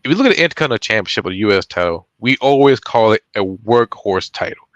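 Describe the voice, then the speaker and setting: A man's voice: lowish voice, expressive, quick pace, dry recording. Guy on a podcast laying out his point with comparisons, dry close sound. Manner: explains with step-by-step comparisons. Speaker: podcast co-host. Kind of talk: casual chat.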